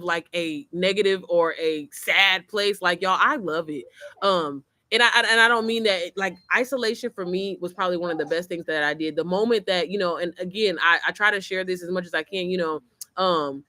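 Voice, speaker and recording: Bright animated woman vlogging. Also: mid-range voice, no room sound, studio quality. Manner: animated, swearing, laughing storyteller. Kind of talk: casual chat to camera. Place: outdoors, then inside. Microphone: computer mic.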